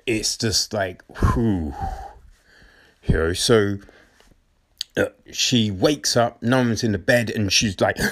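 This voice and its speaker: Male film reviewer, mid-pitched, slow and emphatic, chatty retelling style. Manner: animated retelling with frequent "right?" and "like"; emphatic, repeats key phrases.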